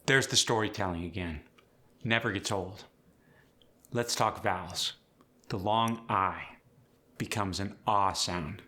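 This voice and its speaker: A man's voice: deep voice, slow, pauses often, sharp tone. A man explaining and demonstrating accent features as a coach in a tutorial. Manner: clear, explanatory, demonstrates example words.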